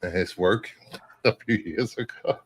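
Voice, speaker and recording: A man chatting on a panel podcast in a halting way, often restarting his sentences. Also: deep voice. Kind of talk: casual panel chat.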